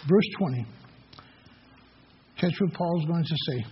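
A man's voice: a little high, slow, slight background noise. A middle-aged man preaching a sermon as pastor, telling folksy personal stories between scripture readings. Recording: echoey hall, dull lo-fi sound.

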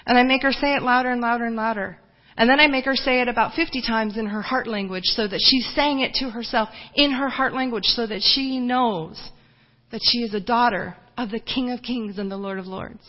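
A woman giving a lively personal ministry report to her home church, telling stories with many restarts and fillers. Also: on the high side, a little fast, big-room sound, highs cut off.

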